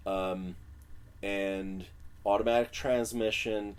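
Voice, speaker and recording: Low-voiced producer from Illinois. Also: male voice, takes it slowly, clean tone. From Illinois, USA. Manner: animated storyteller who acts out quotes. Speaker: guest music producer. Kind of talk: casual interview chat. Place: recording studio.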